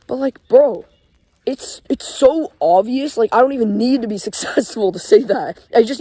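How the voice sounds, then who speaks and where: A man's voice: high voice, mellow, dry recording. A young man giving a casual motivational rant, emphatic and profane, with lots of "like" fillers. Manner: profane, emphatic, heavy use of 'like' fillers. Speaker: motivational vlogger. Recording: voice over clear background music.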